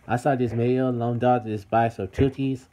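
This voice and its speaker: A man's voice: medium pitch, fairly even intonation, moderate pace, warm tone, a little hiss or hum. A man talking in a casual vlog to his viewers, repeating himself and calling out to everybody. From United States. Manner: repetitive, addresses viewers as everybody. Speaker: vlogger. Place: city.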